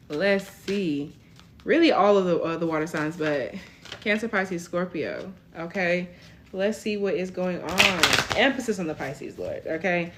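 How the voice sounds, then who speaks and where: A woman's voice: fairly low pitch, background noise. A woman in her twenties giving a casual live tarot reading, chatty, tagging almost every line with "okay?". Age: 20s. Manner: chatty, tags lines with "okay?". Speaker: tarot reader.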